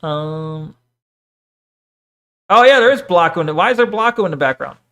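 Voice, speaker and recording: A man's voice: high-pitched, animated, moderate pace, a bit bright, clear, resonant tone. A man streaming and chatting casually, reading chat, swearing often and rambling between topics.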